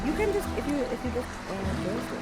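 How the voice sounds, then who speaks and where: A woman hosting a live interactive theater show, coaxing and directing the audience in a playful, warm way over background music. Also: high-pitched, very animated, a little fast. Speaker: immersive theater performer and guide. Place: virtual reality theater show.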